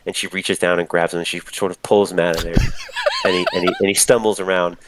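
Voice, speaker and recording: A man's voice: deep voice, fairly even intonation, quick pace, a crowd in the background, low-quality recording. A man narrating as game master of a tabletop game, rambling with many restarts.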